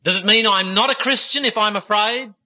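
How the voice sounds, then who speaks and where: A man's voice: sits high, fairly quick, sharp tone, dull audio. A man preaching a sermon in an earnest, folksy way, telling stories and calling his listeners "my friends.".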